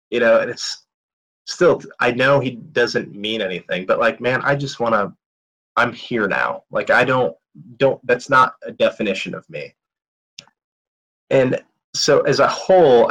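Male speaker, thirties, lower voice, conversational storyteller with fillers. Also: pushed and bright, low-quality recording. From United States. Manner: candid, conversational, many fillers. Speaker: motivational speaker. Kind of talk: storytelling talk.

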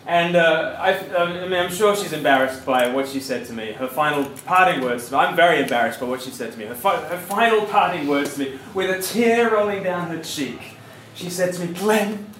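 Speaking in a fairly high, fairly bright voice, a man with an Australian accent delivers a campus evangelistic talk. He keeps it jokey and conversational, putting questions to listeners in an echoey university lecture hall with faint background noise.

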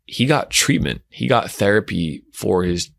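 A male audiologist calmly explaining things in an educational commentary. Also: fairly low pitch, unhurried, creaky, no room sound. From United States. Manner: calm, explanatory.

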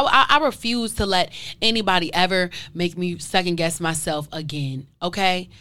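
A woman with a lowish, slightly bright voice hosts her own podcast in a casual monologue. She talks emphatically and from the heart straight to her listeners, stacking up rhetorical questions, and the recording has no room sound.

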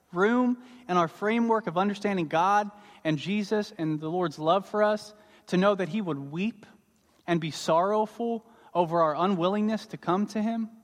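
A man preaching a sermon as pastor, earnest and emphatic, repeating his key words. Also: high-pitched. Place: church sanctuary. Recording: long reverb of a large hall.

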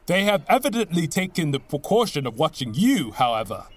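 A man reading an audiobook, voicing a brisk, cool-headed middle-aged detective with a dry, measured manner. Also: on the high side, sing-song. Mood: assured.

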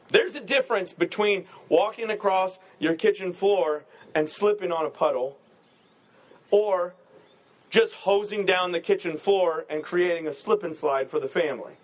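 A man pastor giving a casual, joking sermon, full of quick asides and rhetorical "right?" questions. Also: high voice.

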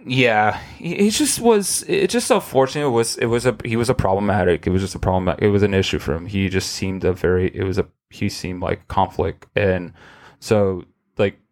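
A man's voice: lowish voice, a little fast. A man hosting a podcast, talking in a rambling, profane way with many restarts. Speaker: podcast host. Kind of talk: casual chat.

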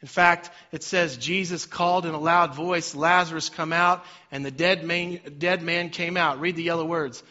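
A man's voice: on the high side, steady tone, moderate pace, hardly any pauses. Middle-aged male preacher, storytelling then emphatic, slightly dull recording. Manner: swings from quiet storytelling to loud emphatic preaching. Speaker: pastor. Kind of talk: sermon. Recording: slightly dull sound with faint music behind.

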